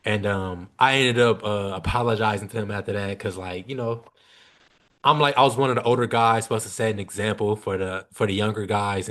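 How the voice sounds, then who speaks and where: A young man chatting casually as a podcast guest, telling a story with lots of slang and swearing. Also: on the low side. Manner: animated, slangy, swears freely.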